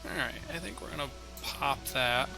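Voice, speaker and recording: A man's voice: medium pitch, normal speed, gravelly, music in the background. A man streaming a card game live, thinking his moves aloud in a chatty way and talking to his opponent and viewers.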